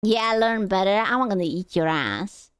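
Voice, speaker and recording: Brief: streamer woman, crisp and dry, crude teasing banter. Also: mid-range voice, lively intonation, a little slow, no room sound. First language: Hungarian. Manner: crude, teasing, swears freely. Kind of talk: casual stream chat.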